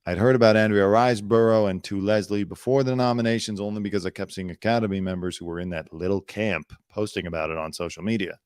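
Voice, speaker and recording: A man hosting a comedy talk show, joking his way through celebrity news in a mocking tone and slipping into quick impressions. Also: fairly low pitch, steady tone, a little mellow, clean tone, dry recording, studio quality. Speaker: comedy podcast host.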